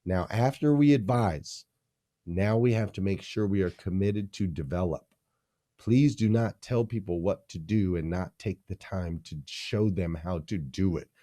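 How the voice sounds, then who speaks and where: A man's voice: deep voice, unhurried, warm tone. A man, a leadership coach, being interviewed on a podcast, teaching energetically in punchy, repeated phrases.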